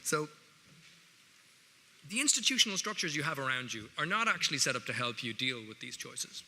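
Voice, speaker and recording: A man's voice: medium pitch, big pitch swings, brisk, bright, forceful tone. Wry Irish man in a large hall. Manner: wry, conversational, jokey asides. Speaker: guest speaker. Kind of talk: public speech to students. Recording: reverberant hall, faint noise.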